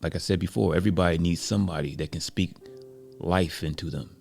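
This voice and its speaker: Deep gravelly man telling a story. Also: quick pace. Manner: relaxed, reflective, many "you know" fillers. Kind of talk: casual story narration.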